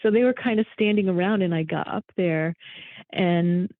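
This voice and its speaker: A woman guest in a casual interview, telling her story in an animated, emotional way. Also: fairly low pitch, moderate pace, dry recording. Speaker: guest, thru-hiker. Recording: tinny phone-like line.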